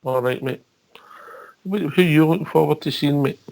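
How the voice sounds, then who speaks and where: A man's voice: a little high, moderate pace, gravelly, darkish tone, slight background noise. A Scottish man on a fan radio show, chatting about football and bringing others into the talk. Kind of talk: casual football chat.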